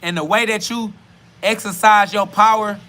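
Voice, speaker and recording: A man with a high, ringing voice delivers an off-the-cuff sermon in street slang. He preaches emphatically and profanely, circling back on the same phrases. He speaks outdoors by a road. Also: steady tone, normal speed, sharp tone. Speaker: self-styled spiritual podcast host. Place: outdoors beside a road with passing cars.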